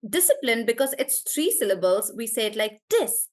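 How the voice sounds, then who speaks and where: A woman teaching an online English class, sounding out words slowly to show syllable stress and correcting herself as she goes. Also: on the high side. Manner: animated, drawn-out demonstration of syllable stress, self-correcting.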